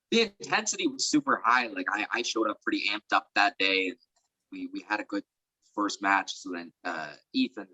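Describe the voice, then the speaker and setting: A young man chatting as an interview guest, rambling and filling pauses with "like" and "um". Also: lowish voice, sharp tone, breathy edge, no echo, low-quality recording. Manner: rambling, heavy use of fillers like "like" and "um". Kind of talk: casual chat.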